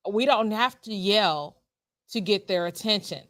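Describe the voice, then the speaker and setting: A woman, a former school principal, chatting casually as a co-host, telling stories with a lively, repeating way of talking. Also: medium pitch, measured pace, no echo, studio quality. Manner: storytelling, animated, repeats words, laughs often. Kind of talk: casual conversational chat.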